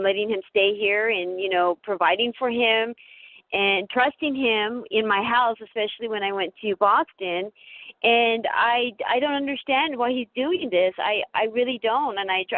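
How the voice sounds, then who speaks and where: A woman's voice: mid-range voice, no room sound. A woman calling in to a podcast, speaking hesitantly with stammers and restarts. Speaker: guest caller. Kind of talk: phone-in podcast conversation. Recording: dry tinny phone line.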